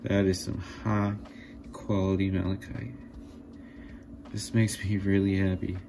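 Gravelly, slow-talking man marvelling at his work. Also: low-pitched, noisy background. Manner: excited, marvelling, laughs often. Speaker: jewelry maker. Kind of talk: casual workshop vlog.

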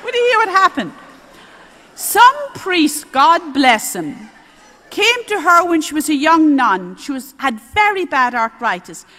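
An older woman, a nun giving a spiritual talk on prayer, telling stories in a lively way with little chuckles. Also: high-pitched, a little slow. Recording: roomy hall reverb.

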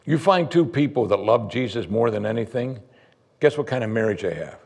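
A man preaching a sermon as pastor, conversational, voicing his listeners' doubts in a higher voice. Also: animated, a little fast, a little mellow, husky. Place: church sanctuary.

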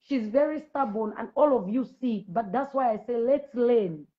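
A woman's voice: a little high, moderate pace, muffled recording. A woman from Zambia with school-age children, preaching confrontationally and repetitively to viewers on a live video. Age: adult with school-age children. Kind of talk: livestream address to viewers.

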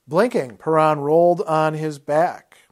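Man reading a novel aloud in a lecture. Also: fairly high pitch. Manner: measured, expressive reading.

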